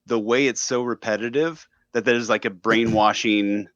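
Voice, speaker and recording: A man with a fairly low voice muses and hedges in a relaxed chat, leaning on "like" as he thinks aloud. The sound is dull and slightly muffled, dry with no room around it. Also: normal speed, dry recording. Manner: thoughtful, hedging, many "like" fillers. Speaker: radio host, podcast guest. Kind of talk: casual conversation.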